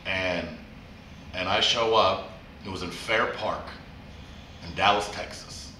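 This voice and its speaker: Brief: bright-voiced joking man, profane storyteller, heard a little off-mic in an echoey room. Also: low voice, takes it slowly. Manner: swearing, acts out dialogue, jokey. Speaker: DJ guest. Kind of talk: casual storytelling interview. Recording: echoey room, slightly distant, faint noise.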